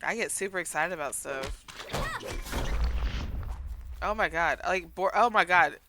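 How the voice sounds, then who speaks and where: A woman from the American South with a Southern accent, chatting casually and excitedly while playing a game, rambling with lots of fillers. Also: lowish voice, measured pace, over music. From Southern United States. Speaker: gaming channel host.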